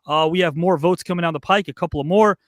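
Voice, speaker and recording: High-voiced upbeat male show host. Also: quick pace, no echo, clean studio sound. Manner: upbeat, reads viewer comments and votes aloud. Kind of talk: live online show hosting.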